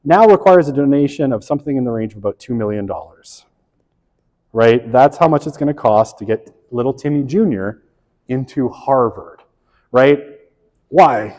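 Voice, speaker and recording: Middle-aged male instructor, chatty and self-correcting, mid-pitched, reverberant lecture hall. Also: darkish tone. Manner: conversational, lots of "right?" tag questions; self-correcting, wry asides. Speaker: college sociology instructor. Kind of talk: classroom lecture.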